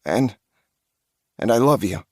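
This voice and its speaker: A man's voice: mid-range voice, animated, slow pace, dry recording, studio quality, voice pushed up. A man voicing a tearful young woman survivor. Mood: pleading. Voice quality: soft, pleading, sniffling delivery. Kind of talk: audiobook character voice.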